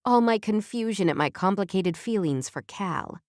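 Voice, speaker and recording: A woman narrating a romance audiobook in first person, reading evenly and clearly in a studio. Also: medium pitch, animated, normal speed, darkish tone, dry recording.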